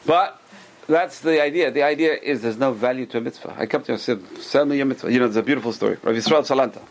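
A fast-talking man of medium pitch gives a Torah lesson, with a little hiss or hum in the audio. He narrates stories animatedly, impersonating the figures involved and often restarting and repeating phrases.

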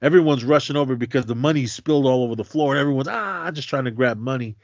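A man's voice: medium pitch, fast talker, creaky, no echo, dull audio. A man co-hosting a podcast, casually recapping a film scene by scene and acting out the characters' lines as he goes. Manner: animated retelling, voicing characters' lines. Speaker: podcast co-host.

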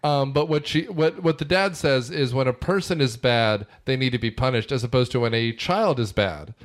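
A man's voice: mid-range voice, normal speed. A man co-hosting a podcast, chatting casually about a film with plenty of fillers and asides. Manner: rambling, frequent fillers and asides. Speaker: podcast co-host.

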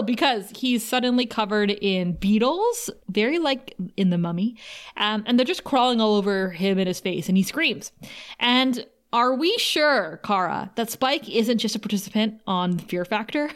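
Higher-pitched giggly woman recapping TV. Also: lively intonation, measured pace. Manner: opinionated, giggly, reads quotes aloud. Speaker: podcast co-host. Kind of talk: casual TV recap chat.

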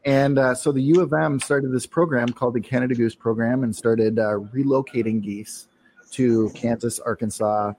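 A man's voice: mid-range voice, steady tone, moderate pace, a little mellow, slight background noise. A man co-hosting a casual podcast chat, rambling along with many ums and restarts. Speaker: podcast co-host.

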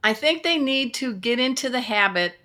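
A woman pet care expert talks as a podcast guest. Her voice is bright and forward. She teaches playfully and likes to use rhymes. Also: fairly high pitch, expressive, normal speed. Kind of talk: podcast interview.

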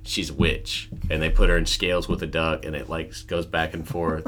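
Podcast host, male, very deep and bright, animated storyteller. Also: moderate pace, slight background noise. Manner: animated, acts out film quotes in high put-on voices. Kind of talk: casual chat.

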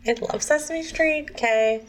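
A woman's voice: high voice, measured pace. A woman co-hosting a casual beer podcast, introducing the beers and laughing along. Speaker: podcast co-host. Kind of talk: casual chat.

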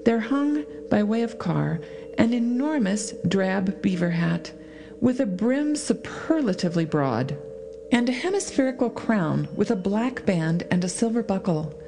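A woman narrating a story aloud in an expressive reading style, with dramatic pauses. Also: mid-range voice, vocal fry, noisy background. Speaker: audiobook reader. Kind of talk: scripted narration.

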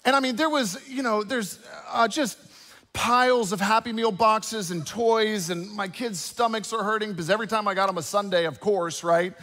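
A fairly high-pitched man preaches in a big church hall, and his voice rings out with a long echo. He drifts from scripture into conversational asides and animated storytelling, checking in with the congregation as he goes. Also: moderate pace. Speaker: pastor. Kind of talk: sermon.

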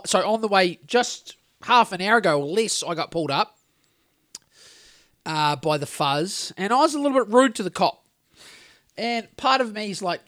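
A high-voiced man with a New Zealand accent, chatting as a podcast co-host. He tells rambling, animated stories and swears freely. The sound is close and dry, with no room echo. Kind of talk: casual chat.

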